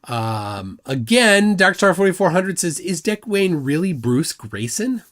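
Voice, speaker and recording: A man's voice: sits high, sing-song, unhurried, fairly bright tone. A man hosting a live stream, arguing combatively and mocking his opponent while reading chat comments aloud. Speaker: livestream host.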